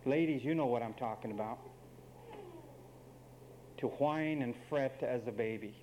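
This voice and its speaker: A man's voice: medium pitch, measured pace, a little mellow, a little hiss or hum, poor audio. A man preaching a sermon, emphatic and wry, speaking straight to the men and women of his congregation.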